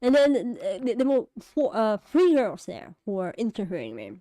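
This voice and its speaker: A woman's voice: medium pitch, wildly swooping pitch, moderate pace, dark tone, dry recording. A woman vlogger talking casually to camera, rambling and hesitant with many fillers and restarts, often laughing at herself. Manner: self-deprecating, laughs often. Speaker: vlogger and animator.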